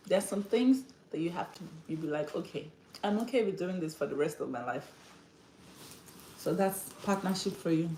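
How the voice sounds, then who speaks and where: A woman's voice: mid-range voice, dark tone, echoey room, a little hiss or hum. A woman with an African accent hosting a casual livestream chat, often breaking into laughter and acting out the voices she quotes. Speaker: livestream host.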